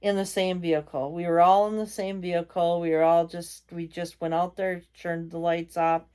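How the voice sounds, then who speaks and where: A woman's voice: lowish voice, flat delivery, normal speed, dark tone, smooth. Rambling woman telling a ghost story. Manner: rambling, full of "like" and "you know", self-correcting. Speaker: vlogger host. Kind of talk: casual storytelling.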